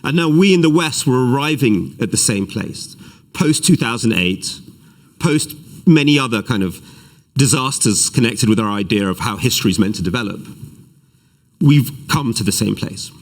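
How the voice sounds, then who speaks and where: Animated man giving a lecture. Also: mid-range voice, normal speed. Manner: animated, self-deprecating asides. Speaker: author giving a talk. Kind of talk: public lecture with readings. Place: event hall, live streamed.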